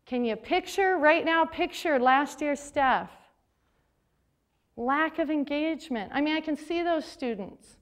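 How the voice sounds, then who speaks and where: A woman's voice: high-pitched, measured pace. A woman who advises a school journalism program, speaking to a room of teachers at a conference and telling classroom stories full of quoted dialogue. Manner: lively storytelling with quoted dialogue. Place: forum hall.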